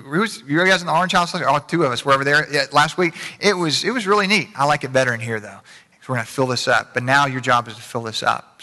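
A man's voice: medium pitch, pushed and bright, long reverb tail. A man preaching a casual, conversational sermon as pastor, with a folksy habit of repeating phrases. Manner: folksy, repeats phrases, speeds up and slows down for emphasis. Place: church sanctuary.

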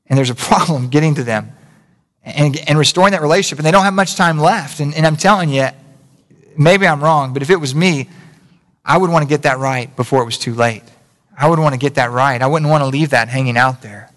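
A man's voice: medium pitch, fairly quick, a bit bright. A man preaching a conversational sermon, full of rhetorical questions and self-corrections. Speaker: pastor. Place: church sanctuary. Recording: long reverb of a church hall.

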